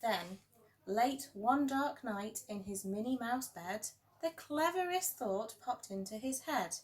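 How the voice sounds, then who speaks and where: A woman teacher reading a rhyming picture book aloud in a gentle, sing-song storytelling way with playful emphasis. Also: on the high side, animated, takes it slowly.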